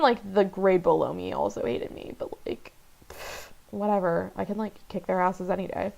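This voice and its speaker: A young woman hosting a let's play, talking candidly and haltingly with many fillers and some swearing. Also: mid-range voice, vocal fry, dull audio. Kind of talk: casual game commentary.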